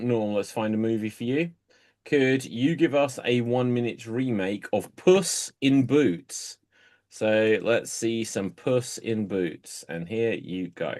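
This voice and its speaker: A man hosting an online improv show over a video call, announcing in a slow, drawn-out way. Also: mid-range voice, a little mellow. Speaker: host.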